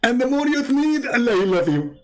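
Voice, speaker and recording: A man's voice: very high-pitched, big pitch swings, brisk, pitched above the performer's own voice. A man putting on the voice of a smug, mocking male preacher who taunts and giggles. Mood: taunting.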